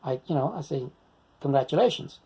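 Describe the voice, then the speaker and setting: A man's voice: medium pitch, animated, a little fast, warm tone, slightly rough. A man in his sixties with an Italian American accent, delivering a rambling, insistent and combative monologue to the camera. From United States. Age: 60s. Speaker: video blogger.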